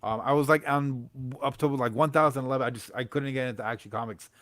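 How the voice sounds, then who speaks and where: A man's voice: medium pitch, steady tone, fast talker, fairly bright tone, no echo, studio quality. A young man hosting a comics livestream, rambling in casual chat with lots of fillers, slang and laughs.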